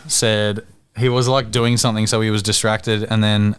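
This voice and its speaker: A man in his thirties chatting about fatherhood on a podcast, lively and playful as he mimics his children. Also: fairly low pitch, normal speed, clear, resonant tone. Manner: animated, acts out kids' voices. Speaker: podcast co-host. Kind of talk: casual chat.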